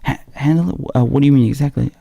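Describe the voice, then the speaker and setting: A man with a raspy voice hosting a live stream, talking casually and slangily with halting restarts as he reads out viewer messages. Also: medium pitch, dark tone. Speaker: livestream host.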